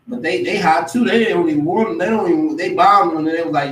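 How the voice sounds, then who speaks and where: A man giving a casual religious teaching, animated and often mimicking other people's voices. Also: on the high side, quick pace. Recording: echoey room, distant mic.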